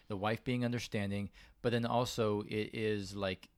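A man's voice: mid-range voice, normal speed. A man co-hosting a marriage podcast, talking casually with fillers and restarts. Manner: conversational, frequent fillers and restarts. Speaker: podcast co-host. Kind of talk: casual chat.

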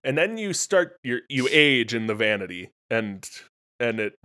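A man narrates as game master of a tabletop role-playing game. He speaks in halting bursts full of ums and restarts as he sets each scene. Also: mid-range voice, big pitch swings, sharp tone.

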